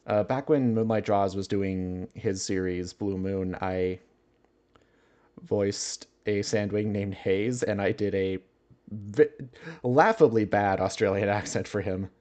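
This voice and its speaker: A man's voice: fairly low pitch, darkish tone. A man chatting casually on a livestream, musing aloud and chuckling often as he answers his chat.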